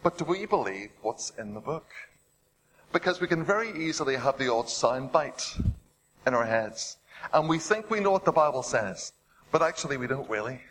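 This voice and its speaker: A man delivering a sermon in a mid-range voice. He retells scripture with dramatic swings, poses rhetorical questions and drops to a hush for weight. Faint noise sits under the recording. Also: medium pitch, big pitch swings, normal speed, rough recording. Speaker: preacher.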